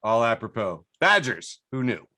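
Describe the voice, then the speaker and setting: A man's voice: mid-range voice, big pitch swings, normal speed, sharp tone, dry recording. A man hosting a casual podcast chat over a video call. He reads social media posts aloud, laughs often and puts funny voices on the quotes. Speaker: podcast host.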